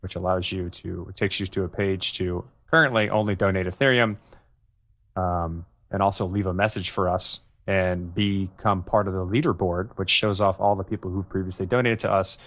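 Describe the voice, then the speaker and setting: Male co-host with a very low voice, candid and rambling in casual chat. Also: steady tone, moderate pace, fairly bright tone. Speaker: podcast co-host.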